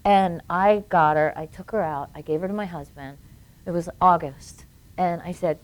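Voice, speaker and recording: A woman's voice: fairly low pitch, normal speed. A woman guest on a live-streamed interview, telling a personal story in earnest and acting out the voices of people she quotes. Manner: earnest, acts out quoted voices while recounting events. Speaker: guest filmmaker.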